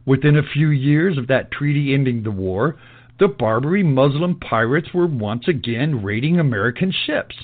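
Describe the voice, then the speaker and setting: A man's voice: mid-range voice, animated, normal speed. A man delivering an emphatic, repetitive monologue in a preachy lecturing style. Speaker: political commentator. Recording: tinny phone-like audio.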